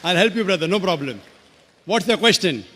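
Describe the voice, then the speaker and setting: A man's voice: high voice, expressive, a little fast, pushed and bright, a little hiss or hum. A male lecturer answering an audience question firmly and insistently, repeatedly calling the questioner brother. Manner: firm, insistent, keeps addressing the questioner as brother. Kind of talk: public debate answer. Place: large lecture hall. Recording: long hall reverb.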